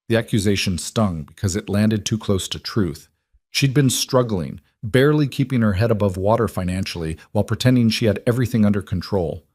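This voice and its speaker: A man reading a dramatic story as narrator in a measured, even way. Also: lowish voice, no room sound, studio quality.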